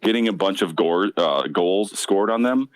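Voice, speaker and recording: A man co-hosting a podcast in casual chat, firing skeptical questions and quick reactions. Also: low voice, animated. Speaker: podcast co-host.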